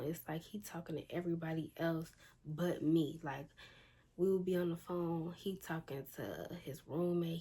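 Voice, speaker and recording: With a low, dark voice carrying a breathy edge, a young woman vlogger shares a storytime. Her delivery is casual, blunt, exasperated and slangy, and faint background noise can be heard.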